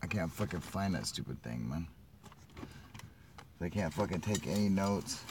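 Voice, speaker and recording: Profane rambling man, low voice. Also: animated, normal speed, background noise. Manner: profane, rambling, laughs often. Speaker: vlogger. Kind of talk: casual rant to camera. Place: in his van.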